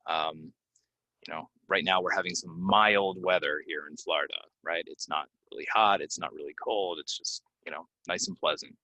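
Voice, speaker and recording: Low-voiced man teaching pronunciation. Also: pushed and bright, no room sound, rough recording. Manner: casual, explains with many fillers and repeats words slowly. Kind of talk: relaxed video lesson. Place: Florida.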